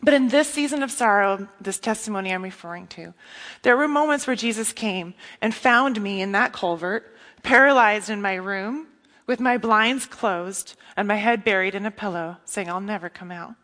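A woman preaching a sermon in an earnest, intimate way, often dropping to a hush. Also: medium pitch, moderate pace. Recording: long reverb of a hall.

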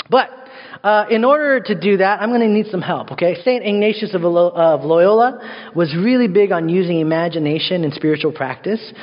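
A man, a worship pastor, preaching a sermon and telling a story with playful asides in a church sanctuary. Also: high-pitched. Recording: dull sound, long hall reverb.

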